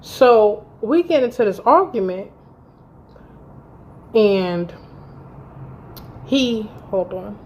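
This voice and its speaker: A woman around thirty telling a story to camera in a vlog, blunt and animated, with heavy swearing. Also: mid-range voice, drawn-out words, pauses often, a little hiss or hum. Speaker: vlogger. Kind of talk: storytime vlog, recounting a fight.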